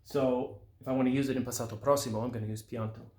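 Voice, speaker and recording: Man, language teacher, patient explanations, slow careful examples, roomy echo. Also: mid-range voice, fairly even intonation, darkish tone. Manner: patient, slows down to sound out example phrases.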